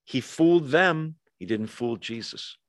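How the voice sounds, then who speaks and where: A man's voice: mid-range voice, expressive, a little slow, fairly bright tone, no room sound, studio quality. A man preaching a casual verse-by-verse sermon, with wry asides and acted-out quotes. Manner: conversational, wry asides, acts out quoted voices. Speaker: pastor. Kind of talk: expository sermon.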